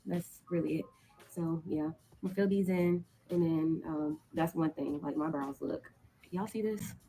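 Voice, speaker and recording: A woman's voice: deep voice, moderate pace, mellow, slight background noise, poor audio. A woman who is a teacher, vlogging casually from her apartment with a chatty, rambling manner full of ums and likes. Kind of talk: casual vlog to camera. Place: apartment, indoors.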